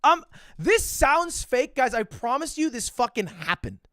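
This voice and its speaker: A man in his twenties telling a story on a livestream in an animated, profane, self-deprecating way. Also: very high voice, unhurried, dry recording, clean studio sound. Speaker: streamer.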